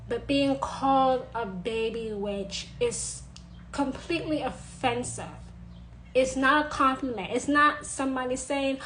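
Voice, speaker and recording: A woman giving forceful advice in a monologue, hammering her points home by repeating them. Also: high voice, measured pace, a little hiss or hum, poor audio. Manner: insistent, repeating phrases for emphasis. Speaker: witch sharing advice. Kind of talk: emphatic monologue to camera.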